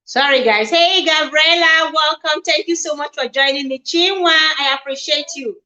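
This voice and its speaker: A woman hosts a casual livestream, talking in a high, lively register. Her tone is bright and forceful as she reads posts aloud and comments on them. She keeps greeting her viewers by name. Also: moderate pace, poor audio. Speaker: livestream host.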